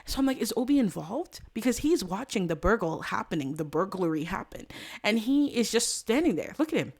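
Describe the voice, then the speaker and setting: A woman hosting a let's play, narrating the gameplay as an animated, dramatic story and talking straight to viewers. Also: mid-range voice, a little fast.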